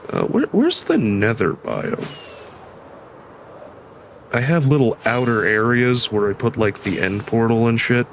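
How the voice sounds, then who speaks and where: A man's voice: medium pitch, huge pitch swings, unhurried, pauses often, a little hiss or hum. Tired, mumbling young man. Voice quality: nasal. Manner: mumbling, rambling, self-deprecating. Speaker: streamer. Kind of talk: casual gameplay commentary.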